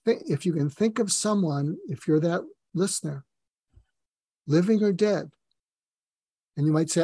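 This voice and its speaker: Brief: middle-aged male guest, earnest and rambling, somewhat high voice with gravel, dry close sound. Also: unhurried, long pauses, warm tone, no echo. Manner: earnest, rambling, many fillers and restarts. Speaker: podcast guest. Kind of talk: casual personal storytelling.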